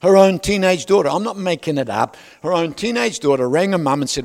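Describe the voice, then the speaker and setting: A man's voice: on the high side, lively intonation, brisk, creaky, darkish tone. A man preaching a sermon, conversational with joking asides to the congregation. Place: large church hall. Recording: long reverb of a large hall.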